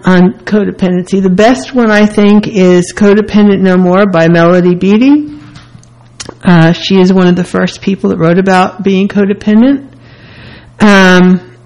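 A woman's voice: medium pitch, a little mellow, poor audio. A woman hosting a self-help radio talk, speaking earnestly and candidly in short repeated phrases. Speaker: radio host.

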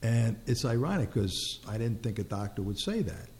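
A man's voice: medium pitch, big pitch swings, moderate pace, darkish tone. An older man in casual conversation who talks hesitantly and rambles, filling his speech with "you know". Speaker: client.

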